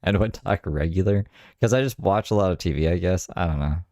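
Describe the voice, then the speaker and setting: A man's voice: low voice, brisk, dark tone, dry recording. A man from Ontario, chatting casually in a dry, offhand, rambling way. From Ontario, Canada. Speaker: vlogger. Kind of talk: casual chat.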